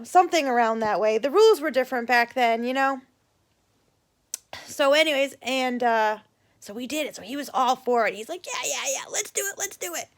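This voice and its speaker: A middle-aged woman casually telling a childhood story on her vlog, swearing freely and acting out the quoted voices. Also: on the high side. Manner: animated, swearing, acts out voices in quoted lines. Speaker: vlogger.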